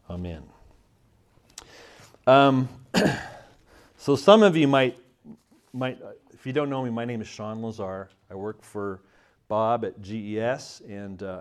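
This Canadian man in his thirties speaks as a church speaker and magazine editor, delivering a casual sermon talk that includes a prayer. His voice is lowish with a darkish tone, and he comes across as tired, humorous, and self-deprecating.

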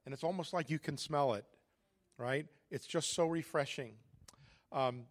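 A man delivers a sermon at a conference in a relaxed, conversational way, with jokes and plenty of ums and uhs. His voice sits a little on the high side for a man. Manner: conversational, joking, frequent fillers. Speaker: conference speaker. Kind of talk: sermon with prayer and humor.

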